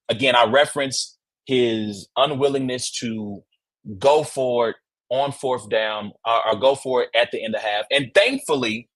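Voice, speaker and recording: A man hosting a sports podcast, telling stories in a casual, excitable way and often tossing in "right?" asides. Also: mid-range voice. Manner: excitable, acts out quotes with loud shouts; conversational, rhetorical asides like "right?". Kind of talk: casual sports reaction and storytelling.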